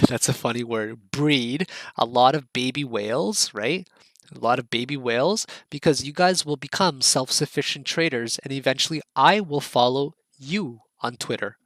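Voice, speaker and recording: A man's voice: mid-range voice, fairly bright tone, dry recording. A man teaching an online trading course, talking with enthusiasm and repetition, checking in with his students after nearly every point. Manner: enthusiastic, repetitive, keeps checking in with "right?" and "okay?". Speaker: trading instructor. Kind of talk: energetic online course lecture.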